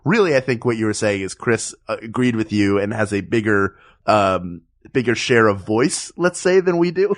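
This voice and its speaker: A man's voice: fairly low pitch, animated, normal speed, hardly any pauses. A man co-hosting a comedy podcast, bantering casually and laughing often with his co-host.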